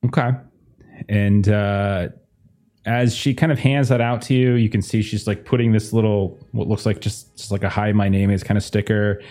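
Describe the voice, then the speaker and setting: A man's voice: fairly low pitch, steady tone, normal speed, warm tone, soft background music. A man narrating as game master in a tabletop game, rambling with many fillers.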